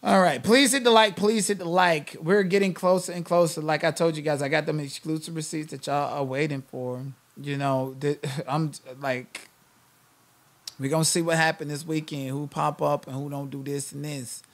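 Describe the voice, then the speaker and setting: A man's voice: fairly high pitch, fairly even intonation, normal speed. A man hosting a live-stream commentary channel, ranting in a blunt, sassy, emphatic way.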